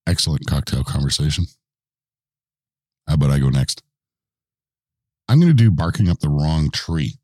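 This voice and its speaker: A man's voice: rumbling low, expressive, normal speed, pauses often, darkish tone, no room sound, studio quality. A man hosting a show, chatting casually and teasing his co-host with playful questions. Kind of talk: casual studio banter.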